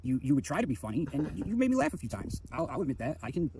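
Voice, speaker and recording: Fast-talking, aggressive, insulting man. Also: a little high, big pitch swings, vocal fry, mellow, slight background noise. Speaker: caller in a feud. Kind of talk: insulting rant.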